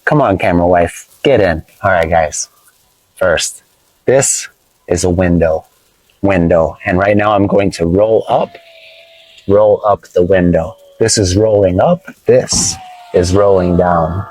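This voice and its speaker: Low-voiced man teaching in a car. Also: a little mellow, no room sound, low-quality recording. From United States. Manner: playful, explains slowly with examples. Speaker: English teacher. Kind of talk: casual teaching vlog. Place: inside a car.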